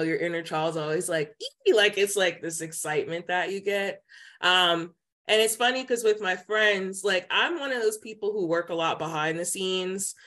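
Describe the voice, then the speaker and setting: Podcast guest, woman, casual storyteller who acts out quotes, mid-pitched voice, heavy "like" filler. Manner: chatty, many "like" fillers, animated quoting voices. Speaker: podcast guest, psychic intuitive.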